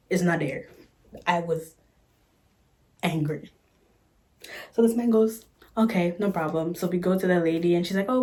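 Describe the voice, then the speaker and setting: A woman's voice: on the low side, a little mellow. Sassy woman telling a storytime vlog. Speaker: vlogger. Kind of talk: casual storytime chat. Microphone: phone camera.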